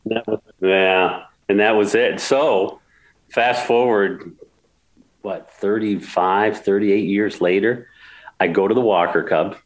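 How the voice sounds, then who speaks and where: A man in his sixties from upstate New York, a golf course builder, appears as a guest in a storytelling interview, sharing emotional stories with many restarts and repeats. His voice sits lowish and his intonation stays fairly even as he takes it slowly. The highs in the recording are cut off.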